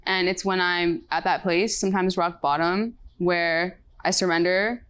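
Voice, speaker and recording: A woman's voice: fairly low pitch, steady tone, a little slow, a bit bright, smooth. A woman guest on a podcast, thoughtful and affirming, reflecting on faith and struggle. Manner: thoughtful, affirming, scripture-quoting.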